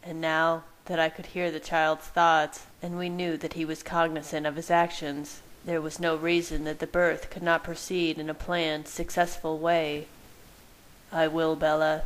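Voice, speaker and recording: Brief: woman narrator, lowish voice, steady reading of a romance story. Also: moderate pace, hardly any pauses, rough recording. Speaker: fan fiction reader. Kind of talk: reading fan fiction aloud.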